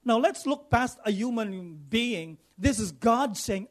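A male pastor with a very high, animated voice delivers his sermon slowly yet with hardly any pauses. He repeats phrases for emphasis, his delivery rising as he calls for responses from the congregation.

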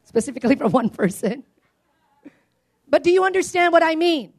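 A married woman preaching a sermon to a congregation, calling for amens, swinging between loud declarations and quiet asides. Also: high voice, animated, moderate pace, creaky. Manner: call-and-response preaching, asking for amens.

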